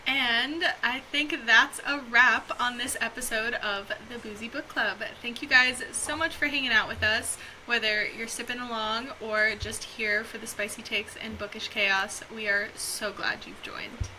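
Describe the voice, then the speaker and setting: A woman's voice: on the high side, fairly even intonation, unhurried, hardly any pauses, sharp tone, slight background noise, rough recording. A young woman co-hosting a book podcast, chatting casually and getting giggly and tipsy. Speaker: podcast co-host. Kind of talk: casual chat.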